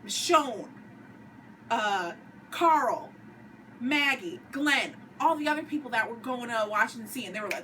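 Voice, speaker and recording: Animated woman with a lively, rising voice. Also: fairly high pitch, a little slow, recorded from a distance, noisy background. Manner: dramatic storyteller who acts out lines. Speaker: vlogger recapping a TV episode. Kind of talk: animated casual recap with acted quotes.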